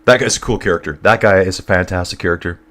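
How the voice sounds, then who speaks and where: A middle-aged man talks through a live stream of a cycling race in a loose, rambling way. He keeps drifting off topic and calls his viewers "guys" and "dude". His voice sits on the low side. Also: fast, fairly bright tone. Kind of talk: casual live-stream commentary, chatting with viewers.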